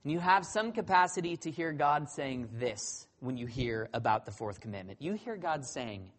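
A preacher giving a sermon, earnestly addressing the congregation with questions and alternating raised and hushed emphasis. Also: medium pitch, sing-song, normal speed, few pauses.

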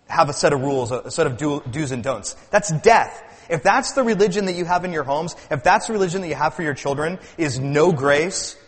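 A man with a slightly raised voice preaches a sermon, pressing his points with swells of emphasis and doubling back on his words. His voice carries a long reverb, as if filling a large church hall. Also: a little high. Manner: earnest preaching, rising and falling emphasis, repeats words. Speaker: pastor.

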